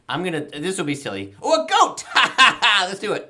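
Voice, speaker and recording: A woman's voice: low voice, very animated, fairly quick, few pauses, pushed and bright. A woman hosting a children's library show, leading a sing-along in a playful, sing-song voice with frequent laughs and animal noises.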